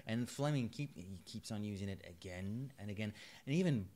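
A man's voice: on the low side, expressive, brisk, dark tone. A man co-hosting a casual podcast book review, rambling and joking with lots of restarts. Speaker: podcast co-host.

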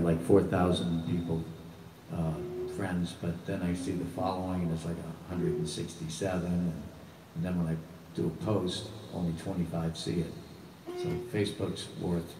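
A man's voice: low voice, mellow. A middle-aged man with a Boston accent, hosting a casual live music stream in a rambling, joking way. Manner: rambling, joking, loose and chatty. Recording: echoey room, distant mic, faint noise.

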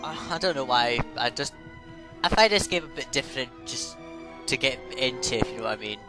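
A man's voice: medium pitch, animated, a little fast, rough recording. A man casually rambling through game commentary, offhand and prone to swearing. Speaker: gaming let's play host. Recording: voice over game music.

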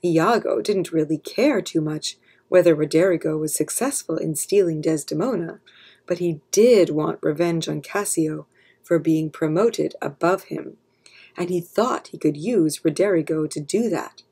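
A woman narrating an abridged classic play as a calm, steady read-aloud story for children. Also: low-pitched, unhurried, breathy edge. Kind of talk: scripted narration.

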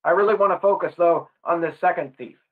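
A man's voice: high-pitched, brisk. A man preaching a gospel sermon in earnest, putting questions straight to the listener. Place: gospel hall. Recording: tinny phone-like sound.

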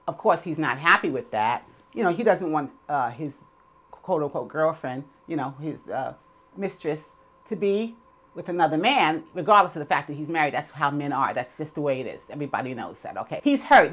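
Chatty woman recapping a TV episode. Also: fairly low pitch. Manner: chatty and opinionated, with many fillers. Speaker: TV episode reviewer. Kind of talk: casual spoken recap.

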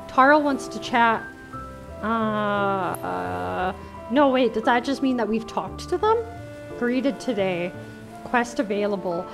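A woman casually commenting on a cozy game, chatty and giggly. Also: on the high side. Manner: giggly, chatty, animated reactions. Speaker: gaming streamer. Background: game music.

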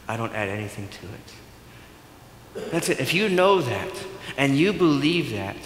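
A male pastor giving a sermon, in a conversational and animated way. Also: on the high side, slight background noise. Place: church sanctuary. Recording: echoey church hall.

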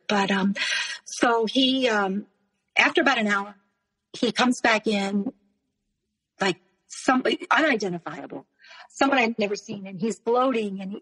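A woman guest recounting a painful personal story in a halting way, full of restarts and repeated words. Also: on the high side, a bit bright, breathy edge, in a large hall, poor audio. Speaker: interview guest.

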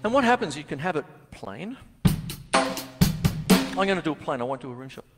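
A man's voice: on the high side, big pitch swings, moderate pace, in a large hall, loud music behind the voice. A man, giving a casual, jokey drum lesson on stage in a venue. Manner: chatty and jokey, laughs often. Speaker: drum teacher. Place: music venue theatre stage. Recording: live drum kit loud behind voice.

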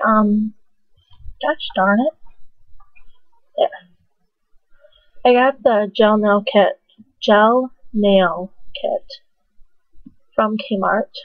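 A young woman vlogs casually at home into a webcam, rambling with plenty of fillers and giggly, self-mocking asides. Her voice is medium in pitch, and the recording is dry and tinny, like a phone.

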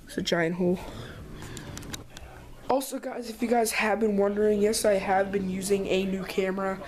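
A woman vlogging at home on a handheld camera, excited and rambling with lots of filler words. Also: mid-range voice, normal speed, slight background noise. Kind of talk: casual vlog. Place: indoors at home.

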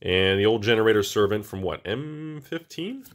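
Excitable guy opening card packs, voice jumps all over, keeps saying everybody. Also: lowish voice, moderate pace. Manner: excitable, repeats words, often addresses viewers as everybody. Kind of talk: casual unboxing commentary.

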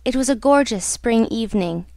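A woman narrating an audiobook in a measured, unhurried reading. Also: fairly high pitch, lively intonation, mellow, no room sound. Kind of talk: scripted narration.

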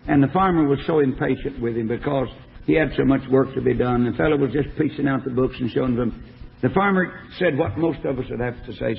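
Male evangelist, gravelly voice, folksy and emphatic, old tinny phone-like recording. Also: medium pitch, fairly quick. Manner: folksy, emphatic preaching with stories. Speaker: evangelist preacher. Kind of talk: sermon.

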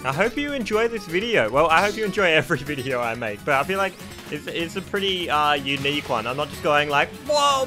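A young man giving excitable live commentary while playing a fighting game, reacting loudly to plays. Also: on the high side. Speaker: gaming streamer.

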